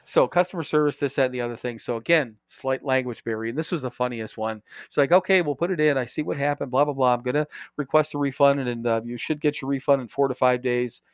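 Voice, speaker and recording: A man's voice: medium pitch, fast talker, hardly any pauses, clear, resonant tone, dry recording, studio quality. A man from Indiana co-hosting a podcast, telling a story in casual chat, swearing and quoting people as he goes. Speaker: podcast co-host.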